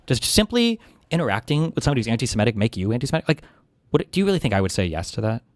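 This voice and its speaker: A man's voice: medium pitch, sing-song, very fast, no room sound, clean studio sound. A man reacting to a debate clip in casual commentary, talking in an exasperated, incredulous way.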